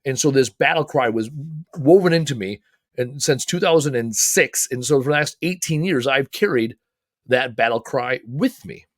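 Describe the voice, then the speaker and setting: A middle-aged man from the United States giving an energetic, emphatic motivational talk as host, swearing casually. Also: medium pitch, normal speed, no room sound, studio quality.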